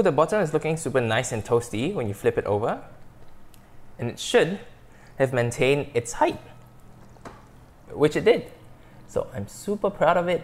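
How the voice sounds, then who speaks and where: A man's voice: medium pitch, moderate pace, long pauses. A man hosting a casual cooking podcast, cooking and tasting as he talks and often breaking into delighted exclamations. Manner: excitable, bursts into delighted exclamations. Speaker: cooking show host.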